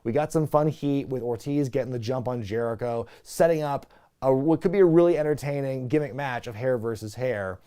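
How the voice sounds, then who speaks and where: Mellow-voiced man recapping wrestling. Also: mid-range voice, brisk, clean tone. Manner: rambling, opinionated, frequent fillers. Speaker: wrestling show reviewer. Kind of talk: casual recap and commentary.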